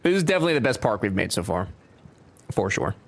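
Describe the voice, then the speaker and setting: A man's voice: lowish voice, fast. A man streaming a game live, chatting casually, joking around and reading out chat messages. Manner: jokey, animated, reads chat aloud.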